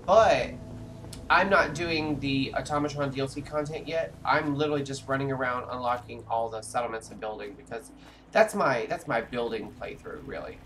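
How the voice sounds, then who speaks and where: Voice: mid-range voice, lively intonation, moderate pace, a bit bright, slight background noise. A very tired game streamer chatting and rambling to viewers while playing live. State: very tired, sleepy. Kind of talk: live gameplay commentary. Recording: music playing behind.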